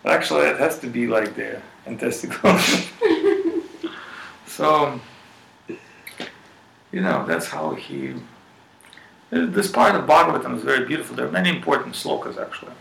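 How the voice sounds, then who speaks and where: A man retells a scripture story in a devotional talk, animated and peppered with fillers. His voice is gravelly and mid-pitched. The sound is roomy, with faint noise behind it. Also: moderate pace, pauses often, distant mic. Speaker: spiritual speaker.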